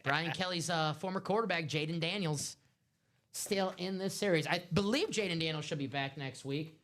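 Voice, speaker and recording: A man's voice: on the high side, moderate pace, fairly bright tone. A man hosting a live stream, rambling through casual sports chat. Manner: chatty, rambling sports talk.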